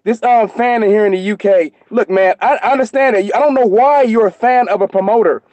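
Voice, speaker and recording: This high, slightly mellow male voice moves fairly quickly with no echo. He's an American co-host on a boxing live stream, cursing nonstop through a heated, furious rant.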